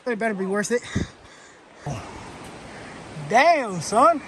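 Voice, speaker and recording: A man's voice: very high voice, expressive, slow pace, fairly bright tone, a little hiss or hum. A man hiking a forest trail toward a waterfall while filming a travel vlog, out of breath, exclaiming and swearing often. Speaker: travel vlogger.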